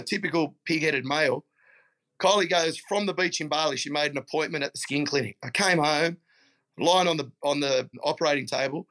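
A man's voice: on the high side, moderate pace, a bit bright. A middle-aged Australian man chatting casually as a guest, telling blokey stories and calling people mate. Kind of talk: casual chat.

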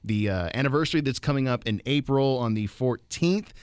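A man's voice: mid-range voice, a little fast, smooth, no echo. A man hosting a radio show in the studio, bantering and joking with guests and laughing often. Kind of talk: casual on-air banter. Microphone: studio microphone.

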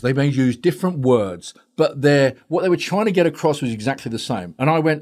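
A straight-talking male therapist spins a story in a podcast interview, rattling along at a quick clip. His voice sits slightly high, and he talks bluntly with frequent swearing. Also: lively intonation.

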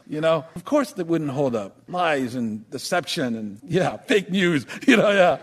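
A pastor giving a funeral eulogy, telling stories in an animated, chatty way full of "you know". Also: male voice, high-pitched, moderate pace, few pauses.

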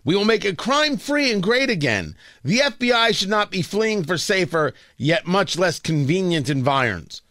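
The same kind of middle-aged talk radio host, very animated, talks at a moderate pace with hardly a pause into a studio broadcast mic, with no room sound. His sarcastic, combative monologue moves from quiet muttering to loud mockery.

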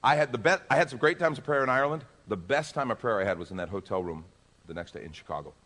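A man, a pastor, telling a lively personal story during a sermon and acting out the dialogue. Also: medium pitch, fast. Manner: animated, acts out dialogue in the story. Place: church.

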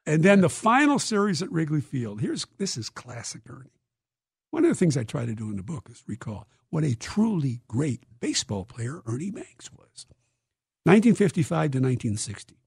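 A man, an author being interviewed, telling stories in a lively, dramatic way and acting out quotes. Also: a little high, normal speed, gravelly, husky, dry recording, studio quality. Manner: lively, dramatic storyteller who acts out quotes. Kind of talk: animated interview storytelling.

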